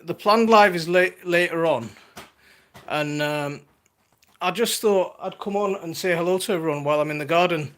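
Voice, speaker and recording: A man in his thirties live streams outdoors from his garden, chatting casually while minding his toddler, laughing often and reading viewer comments aloud. His voice is a little high and a bit bright, at normal speed.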